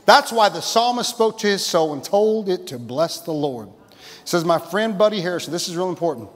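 A pastor preaching a sermon in a church, exuberant, laughing and shouting and calling out to the congregation. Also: male voice, high-pitched, animated, moderate pace. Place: church sanctuary. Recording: church hall reverb.

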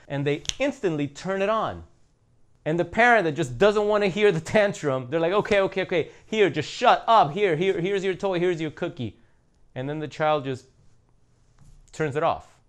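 Guy ranting to his viewers, blunt and emphatic, says things twice to hammer them home, kinda high voice. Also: clear, resonant tone. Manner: blunt, emphatic, repeats points for stress; speaks directly to the audience. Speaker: channel host. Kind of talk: casual monologue to viewers.

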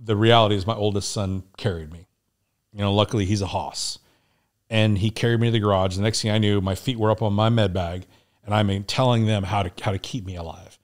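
Middle-aged male guest, slightly low pitch, candid and salty storyteller. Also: a little fast. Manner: candid, profane, animated retelling. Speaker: podcast guest. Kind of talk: casual storytelling.

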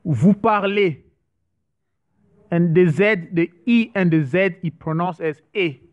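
A man giving an online French lesson, speaking slowly and repeating each word, with some hesitant restarts. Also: sits high, muffled recording. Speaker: French teacher.

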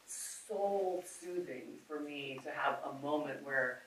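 A woman film producer telling a personal story on a conference panel, candid and animated, quoting others as she goes. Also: low voice, slow. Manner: candid, animated, quotes others in her retelling. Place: conference auditorium. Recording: echoey hall, far from the mic, faint noise.

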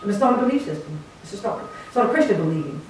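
A Buddhist nun teaching a retreat gives a very fast, very animated dharma talk in a medium-pitched female voice, blunt and emphatic with sarcastic remarks. The recording comes from far across an echoey meditation centre hall and carries a faint hiss.

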